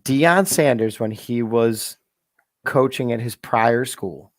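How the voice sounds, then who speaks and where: A man co-hosting a casual sports talk show, giving blunt opinions in an animated way. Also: medium pitch, slow, no room sound, studio quality.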